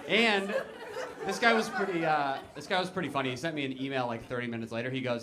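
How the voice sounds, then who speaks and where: Young male comedian with lively pitch. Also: normal speed, pauses often, over a noisy crowd. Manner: deadpan storytelling, voices jumping high for quoted panic. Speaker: stand-up comedian. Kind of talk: stand-up comedy set. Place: comedy club stage with laughing audience.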